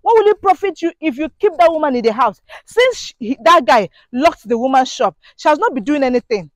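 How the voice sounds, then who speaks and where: High-voiced indignant woman vlogging. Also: lively intonation, a little fast, dry recording. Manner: preachy, indignant, rhetorical questions. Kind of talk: impassioned monologue to camera.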